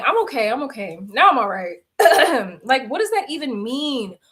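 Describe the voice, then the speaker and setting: A young woman chats with her livestream viewers in loose, frank slang. Her voice is bright and a touch high, and she takes her time. She laughs easily between remarks. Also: very animated, slow. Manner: candid, slangy, laughs often. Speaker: livestream host chatting with viewers. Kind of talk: casual chat.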